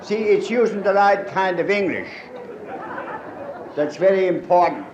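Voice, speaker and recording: A man's voice: high-pitched, a little slow, lo-fi sound. A man with a Pennsylvania Dutch accent telling folksy jokes with dry one-liners in a live stand-up set. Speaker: stand-up comedian. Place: stage before a live audience. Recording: old live recording in a roomy hall with crowd and hiss.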